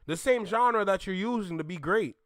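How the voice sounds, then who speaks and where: A man's voice: high voice, normal speed, fairly bright tone, no echo, studio quality. A man from Canada hosting a reaction video, ranting bluntly in casual commentary and laughing often.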